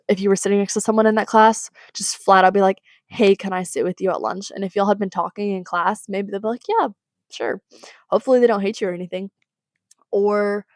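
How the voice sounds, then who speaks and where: A woman's voice: medium pitch, dry recording. Teenage girl, podcast host, rambling chatty advice, exasperated sighs, dry close mic. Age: teens. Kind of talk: casual advice monologue.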